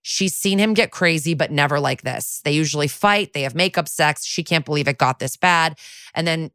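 A woman's voice: low voice, normal speed, a bit bright, no room sound, studio quality. A woman co-hosting a podcast, casually recapping a TV episode in a chatty way, saying "like" a lot and swearing freely. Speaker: podcast co-host.

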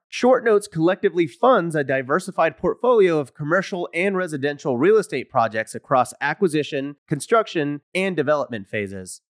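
A man reading scripted podcast ads in an upbeat sales pitch. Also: no echo, studio quality. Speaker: ad reader.

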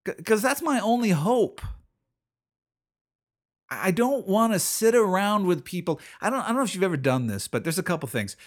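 Middle-aged male podcast host, slightly higher voice, earnest and searching, restarts and repeats lines. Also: sing-song, moderate pace. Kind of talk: personal faith reflection.

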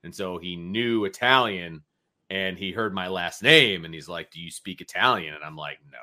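A man hosting a casual sports talk podcast, energetic and chatty, telling stories with animation. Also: deep voice, normal speed. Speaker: podcast host.

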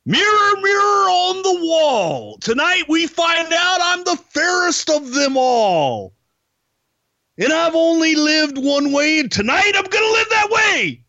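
A man impersonating a flamboyant male wrestling champion, shouting boasts in a high voice. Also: very animated, slow pace, dry recording, heavily acted. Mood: boastful. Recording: dry muffled lo-fi recording.

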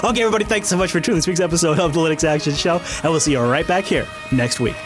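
Fast-talking male tech podcast host. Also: fairly high pitch, loud music behind the voice. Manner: rambling, animated, laughs often. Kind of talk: casual tech show chat.

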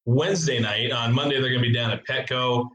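Give me a joking guy on a sports podcast, mid-pitched, sounding roomy with faint background noise. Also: brisk. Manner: relaxed, chatty, joking. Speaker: podcast co-host. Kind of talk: casual sports podcast chat.

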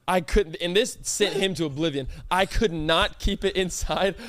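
A man's voice: high voice, moderate pace, fairly bright tone. A young man co-hosting a podcast, animatedly telling a funny story, swearing and breaking into laughter. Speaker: podcast co-host. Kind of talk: casual storytelling chat.

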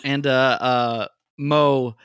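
A man's voice: medium pitch, steady tone, very slow, a loud crowd. A man narrating as game master in a tabletop game, loose and playful. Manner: loose and playful, with many ums and laughs.

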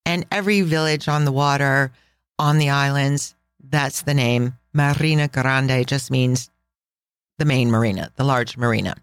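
A woman's voice: rumbling low, moderate pace, smooth, no echo, studio quality. A woman hosting a casual travel podcast, talking with enthusiastic, chatty storytelling. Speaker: podcast host.

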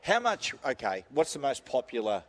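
A man's voice: medium pitch, wildly swooping pitch, moderate pace. An Australian man co-hosting a radio show, rambling through jokey stories and laughing at his own tales. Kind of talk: casual banter.

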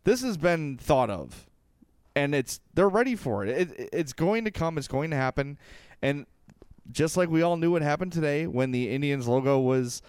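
A sports podcast co-host from Illinois, giving opinionated hockey talk in an emphatic, repetitive, lecturing way. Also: male voice, a little high, animated, normal speed, a little mellow, clear, resonant tone, no room sound. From Illinois, USA.

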